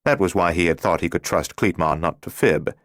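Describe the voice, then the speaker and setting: A man narrating a thriller audiobook in a steady, measured reading voice. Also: low voice, no room sound, clean studio sound. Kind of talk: scripted narration.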